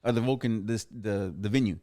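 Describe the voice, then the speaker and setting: A man hosting a podcast in casual chat, rambling excitedly with many restarts and a lot of slang. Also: on the low side, a little fast. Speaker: podcast host.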